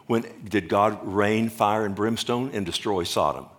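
A man's voice: on the low side, a little slow, fairly bright tone. A man preaching a sermon as pastor, firing questions at his congregation and answering them himself, with the odd joke. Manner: jokes and laughs with the congregation.

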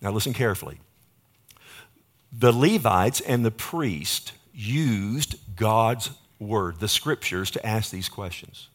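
A man preaching a sermon, switching between loud, emphatic declarations and quiet, hushed passages, and often asking the congregation "Amen?". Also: lowish voice, lively intonation, slow.

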